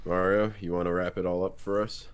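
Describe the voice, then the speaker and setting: A man co-hosting a podcast, talking in a relaxed, slangy, joking way. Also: low voice, brisk, clean tone. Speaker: podcast co-host. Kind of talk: casual chat.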